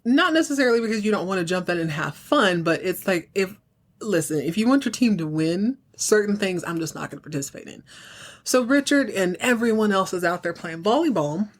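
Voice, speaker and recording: Here a woman podcast host casually walks through a TV episode, animatedly storytelling and voicing the characters' lines herself. She speaks a little fast in a mid-range voice.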